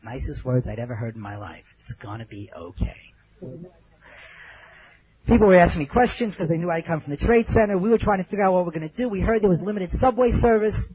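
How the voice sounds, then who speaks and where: A man's voice: animated, quick pace, hardly any pauses, slight background noise. Man, middle-aged, personal storytelling, earnest, dull lo-fi recording. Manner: earnest, drops low and soft at moving moments. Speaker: survivor telling his story.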